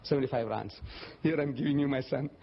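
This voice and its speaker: A fast-talking older man with vocal fry gives a religious lecture and answers audience questions over very noisy, dull, lo-fi audio. He tells his stories animatedly, often jumping up in pitch to act out quoted voices during this public Q&A.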